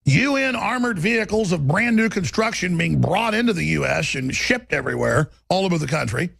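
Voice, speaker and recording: A man's voice: high-pitched, expressive, a little fast, gravelly, a bit bright, slightly rough, dry recording, clean studio sound. A man with a Texas accent, hosting a radio talk show and ranting through a combative, sarcastic, rambling monologue.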